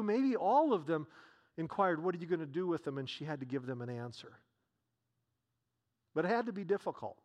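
Male preacher, high voice, storytelling delivery that acts out neighbors' dialogue and asks rhetorical questions. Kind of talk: sermon.

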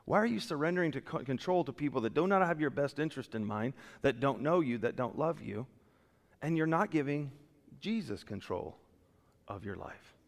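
A man preaching a sermon as pastor, animated, acting out quoted excuses, his voice swinging from loud peaks to quiet drops. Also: mid-range voice, moderate pace. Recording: long reverb of a church hall.

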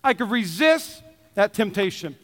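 High-voiced man preaching in a reverberant hall. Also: very animated, unhurried, fairly bright tone. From Minnesota. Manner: humorous storytelling, repeats key lines for emphasis. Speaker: pastor. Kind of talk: sermon. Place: church.

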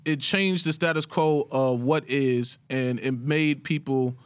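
A man co-hosting a podcast in a casual discussion, talking in an animated, slangy way that rises into quick bursts. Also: medium pitch, smooth, dry recording. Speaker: podcast co-host.

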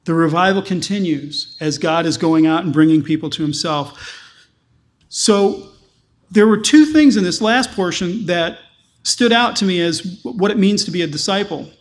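A man's voice: high voice, moderate pace. A man, a pastor, preaching a sermon with emphatic, repeated phrases.

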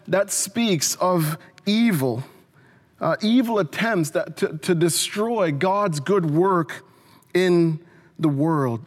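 A man's voice: fairly high pitch, darkish tone. A man preaching a sermon as pastor, earnest, with frequent restarts, and he asks the congregation to say words with him. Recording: long hall reverb.

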